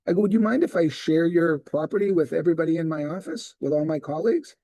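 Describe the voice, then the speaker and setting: A slightly high-voiced middle-aged man talks fast through a real estate sales training session. He tells stories with lots of animation, acting out what each person says.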